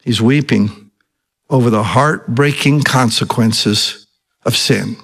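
A man's voice: medium pitch, takes it slowly, gravelly, fairly bright tone, slightly rough, big-room sound. A man preaching a sermon as pastor, earnest, asking his congregation rhetorical questions.

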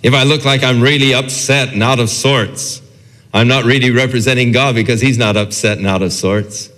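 A man's voice: mid-range voice, steady tone, normal speed, a bit bright, in a large hall. A man preaching a sermon as a pastor, talking conversationally and acting out the quoted dialogue.

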